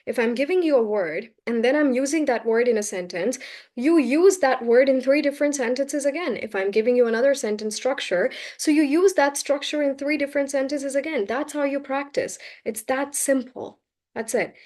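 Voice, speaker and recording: High-pitched woman teaching on a video call. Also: moderate pace, darkish tone. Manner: firm, patient, corrective. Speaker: English teacher. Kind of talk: live online class.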